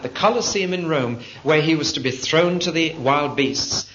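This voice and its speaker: Guy preaching, kinda high voice, dramatic storytelling, muffled old tape w/ a bit of hiss. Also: fairly bright tone. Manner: dramatic, rises and drops for emphasis. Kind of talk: sermon storytelling.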